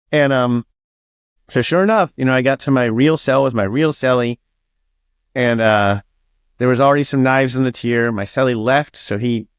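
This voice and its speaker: A man's voice: mid-range voice, dry recording, clean studio sound. A man being interviewed as an author, telling stories casually, swearing freely and acting out what others said. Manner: swears freely and acts out quoted dialogue.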